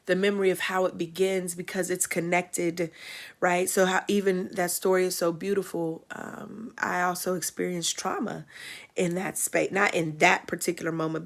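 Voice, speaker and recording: A woman's voice: on the low side, level tone, normal speed. A middle-aged woman hosting a livestream, telling a personal story in a reflective way that builds to emphatic testimony. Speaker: host.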